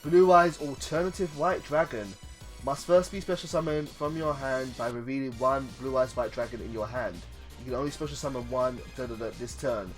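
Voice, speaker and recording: A man live-streaming a card game, chatting casually and reading card text aloud with excited reactions. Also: mid-range voice, fairly quick, soft background music.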